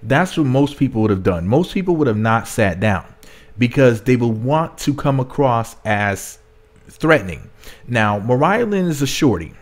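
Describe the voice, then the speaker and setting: A man's voice: mid-range voice, very animated, normal speed. A man giving a casual, gossipy recap of a reality TV episode, rambling and slangy, often correcting himself as he goes. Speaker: reality TV reviewer.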